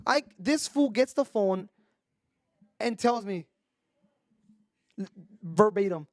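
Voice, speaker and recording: A man, a podcast co-host telling a story in animated casual chat and mixing Spanish into his English. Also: high-pitched, slow pace, long pauses, no room sound, studio quality. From Mexico.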